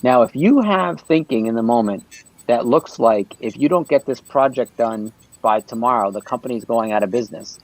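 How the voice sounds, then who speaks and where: A man's voice: medium pitch, lively intonation, normal speed, low-quality recording. A man talking earnestly on a livestream panel, explaining his ideas and often checking in with "right?".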